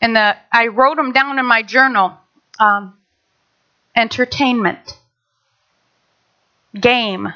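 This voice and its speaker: A woman on a church staff, sharing a personal testimony in a chatty, animated way, often acting out other people's voices. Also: fairly high pitch, takes it slowly, pauses often. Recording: dull lo-fi sound.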